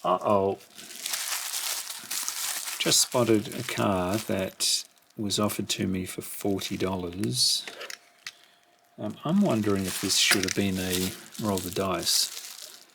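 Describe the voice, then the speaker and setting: A middle-aged man talks slowly and quietly, half to himself, as he unboxes a collection at home. His voice sits low, with a gravelly edge. Loud crinkling and rustling packaging runs underneath. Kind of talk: casual unboxing commentary. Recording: rustling packaging noise behind.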